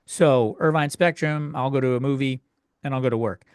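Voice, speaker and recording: A man's voice: mid-range voice, normal speed, clear, resonant tone, dry recording, clean studio sound. A young man hosting a solo comedy podcast, ranting crudely and exasperatedly from home with frequent self-interruptions. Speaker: podcast host.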